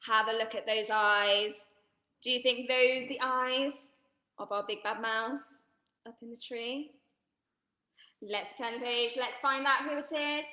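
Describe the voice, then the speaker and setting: A woman leading an online drama workshop, reading a picture book aloud to children in a lively, encouraging way. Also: on the high side. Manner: lively, animated, giggly, encouraging. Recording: roomy echo.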